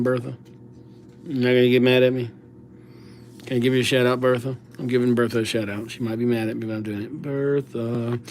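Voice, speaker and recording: A middle-aged man chats with his stream viewers in an unhurried, easygoing way, handing out playful nicknames. His voice sits at an ordinary middle pitch. A faint hum of room ambience stays under the recording. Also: a little mellow. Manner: chatty, greets viewers by name, playful nicknames. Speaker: livestream host writing viewers' names. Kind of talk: casual livestream chat.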